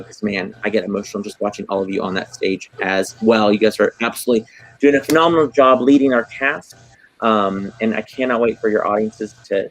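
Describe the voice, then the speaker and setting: A man's voice: on the low side, poor audio. Gushing man hosting a chat. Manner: effusive, gushing, many fillers. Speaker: theater host. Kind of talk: casual livestream chat.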